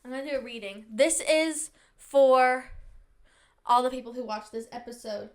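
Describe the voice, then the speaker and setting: Sniffly, bubbly young woman podcast host. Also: high voice. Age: young adult. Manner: fast-talking, bubbly, says "like" a lot. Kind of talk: casual chat.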